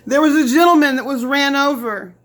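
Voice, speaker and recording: A middle-aged woman from Lafayette, Indiana, rants angrily and profanely straight into the camera, repeating lines and mocking others in quoted voices. Her voice sits high and a bit bright, and she talks fairly quickly.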